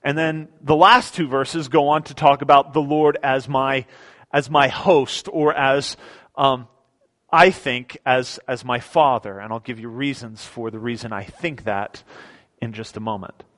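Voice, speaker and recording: A man's voice: medium pitch, steady tone, unhurried, fairly bright tone. A man preaching a sermon as pastor in a church, talking conversationally and often repeating words as he restarts his sentences. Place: church sanctuary.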